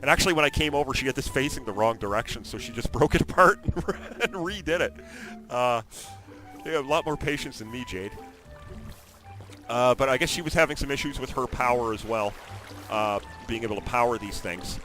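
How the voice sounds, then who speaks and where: A man giving chatty, excitable commentary on his own video game session, breaking into loud exclamations now and then. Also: medium pitch, a little fast. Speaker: gaming video host. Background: background music.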